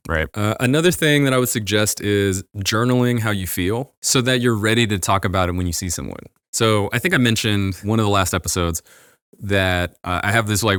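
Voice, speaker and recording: A man's voice: on the low side, a bit bright, no room sound, studio quality. A man in his thirties, a podcast host, giving casual advice in an earnest, rambling way with many restarts.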